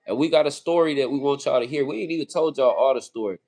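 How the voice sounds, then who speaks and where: A man's voice: mid-range voice, quick pace, a little mellow. A man from California co-hosting a casual livestream, talking earnestly and often repeating phrases. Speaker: livestream co-host.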